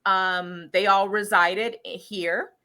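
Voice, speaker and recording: A middle-aged woman with a bright, clear voice, telling her viewers a travel story in a loose, chatty way. She rambles, stops and restarts her sentences, and fills the gaps with lots of ums. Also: mid-range voice, fairly even intonation, extremely slow. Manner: rambling, with many fillers and restarts. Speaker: channel host sharing travel story.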